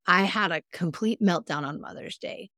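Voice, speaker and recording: A woman guest on a podcast, a mindfulness coach, telling personal stories in a candid, earnest way with sudden jumps in pitch. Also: moderate pace, fairly bright tone, dry recording, clean studio sound. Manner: earnest, self-reflective. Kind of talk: casual interview conversation.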